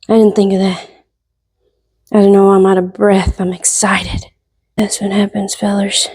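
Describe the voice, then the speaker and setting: A woman hosting a casual cooking tutorial, playful and joking with her viewers, sometimes dropping to a soft whisper. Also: medium pitch, slightly rough. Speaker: cooking vlogger.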